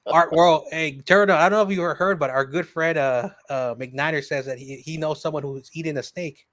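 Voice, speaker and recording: An animated man pitches in with quick asides, laughing as he goes. His voice runs slightly high and sits close on a dry mic. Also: dry recording. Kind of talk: casual chat.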